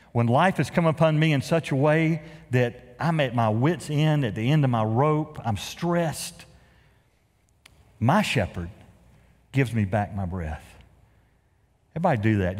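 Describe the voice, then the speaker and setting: A middle-aged man preaching a sermon as pastor, folksy and joking, swinging from loud emphasis to hushed, quiet lows. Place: large church sanctuary. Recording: reverberant church hall.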